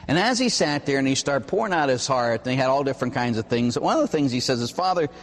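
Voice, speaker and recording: Animated priest preaching in an echoing hall. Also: male voice, medium pitch, quick pace. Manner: animated, emphatic storytelling. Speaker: Catholic priest. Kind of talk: sermon.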